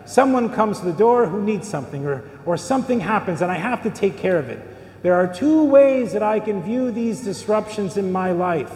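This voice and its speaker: Middle-aged male priest, high-ish mellow voice, chatty sermon with lots of rhetorical questions, boomy church reverb. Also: lively intonation, normal speed. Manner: conversational preaching with rhetorical questions. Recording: echoey church hall with long reverb.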